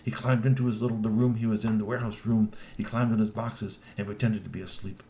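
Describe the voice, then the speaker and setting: A man telling a children's story aloud, lively and full of put-on voices. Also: on the low side, fast talker, a little hiss or hum.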